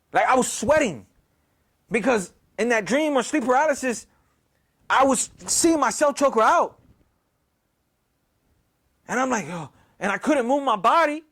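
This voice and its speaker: A young man with a high voice tells a story casually, full of slang and swearing. He retells it in an animated way and keeps repeating himself.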